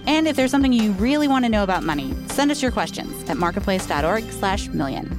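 A woman's voice: mid-range voice, animated, fast talker. Female podcast co-host, scripted announcements, music underneath.

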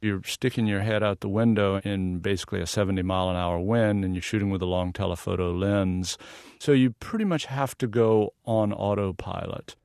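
Low-voiced man explaining earnestly. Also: steady tone, normal speed, creaky, a little mellow, no echo, clean studio sound. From American South. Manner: earnest, explanatory, laughs easily. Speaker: photographer guest. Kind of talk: radio interview.

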